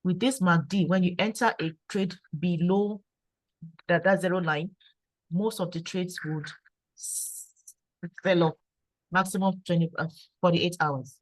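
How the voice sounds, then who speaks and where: A woman's voice: fairly low pitch, dry recording, poor audio. A woman speaking at an online meeting, sharing her story and giving advice, who stammers and repeats words now and then.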